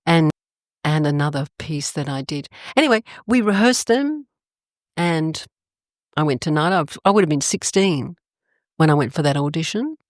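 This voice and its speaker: An older Australian woman telling stories in a casual interview, animated and expressive, her pitch jumping up suddenly. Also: moderate pace, dry recording, studio quality. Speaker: guest.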